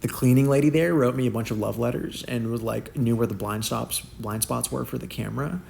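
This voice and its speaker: A young man who creates content tells wild stories about his life, casual and slangy, bringing quotes to life in changing voices. His medium-pitched voice has vocal fry and a fairly quick pace, and there's slight background noise.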